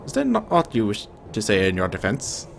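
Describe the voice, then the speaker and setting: A man plays a stern, judgmental inquisitor from a fantasy game, speaking gravely and formally. The voice stays stately while the pitch moves expressively. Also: huge pitch swings, fairly quick, slight background noise, heavily acted. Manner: grave, stately, mock-Shakespearean.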